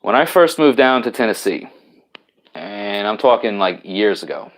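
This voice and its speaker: Man, New York accent, fairly low voice, casual live-stream chat, rambling, repeats himself. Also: expressive, moderate pace. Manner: rambling, frequent restarts and repeated words.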